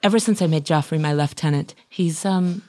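A woman playing a nosy female space station captain, murmuring low and conspiratorially in an improvised comedy scene. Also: fairly quick, dark tone, no echo, close to an everyday voice.

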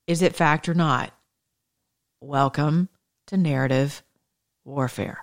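A woman's voice: low-pitched, slow. A woman hosting her own show, delivering a passionate, preachy monologue of religious political commentary. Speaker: show host.

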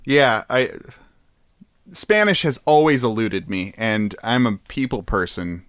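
A man's voice: on the low side, animated, unhurried, a bit bright, clear, resonant tone, no echo. Playful, jokey male podcast co-host. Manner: playful, jokey, laughs often. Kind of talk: casual chat.

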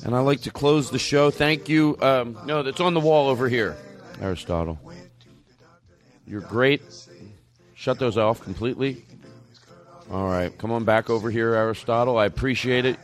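A goofy male comedy host rambling through loose, joking banter. He swears freely and drifts into nonsense singing, with his voice sitting at an ordinary middle pitch for a man. Faint music plays behind him. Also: normal speed, pauses often.

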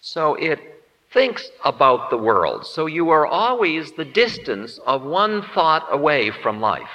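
A man's voice: fairly high pitch, sing-song, takes it slowly, bright, forceful tone. A man giving a humorous spiritual lecture in a musing, wry, self-mocking way. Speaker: spiritual teacher. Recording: dull lo-fi tape in reverberant hall.

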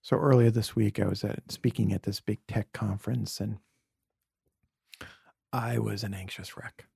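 A man from Brooklyn, a podcast guest, telling earnest, emotional stories in a reflective conversation, sometimes dropping to a soft whisper. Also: lowish voice, fairly even intonation, unhurried, gravelly, slightly rough, no room sound, studio quality.

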